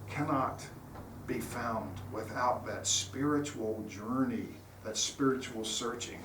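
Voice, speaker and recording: A man's voice: mid-range voice, fairly bright tone. A man giving an informal sermon as a guest speaker, talking earnestly and conversationally, telling stories. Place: church sanctuary. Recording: roomy hall, distant mic, faint noise.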